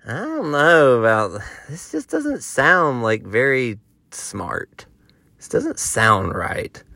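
A man doing a cautious wife, slow, hesitant, doubtful, low, dry close sound. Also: wildly swooping pitch, vocal fry, sharp tone, no room sound, exaggerated voice.

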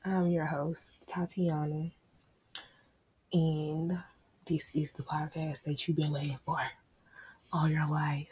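Young woman, AAVE, casual cussing podcast host, dark relaxed tone, unhurried. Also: low-pitched, slightly rough. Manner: loose, joking, cusses and laughs. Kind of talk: casual solo podcast chat.

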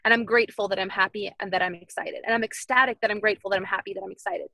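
A woman's voice: medium pitch, rapid-fire, no echo, poor audio. A woman in her thirties, a podcast guest talking casually and animatedly, repeating her points like mantras. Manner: animated, repetitive motivational phrasing.

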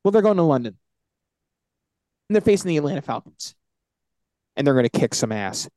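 A man co-hosting a casual sports podcast, animated and confident as he runs through his football picks. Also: a little high, brisk, no echo. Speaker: podcast co-host.

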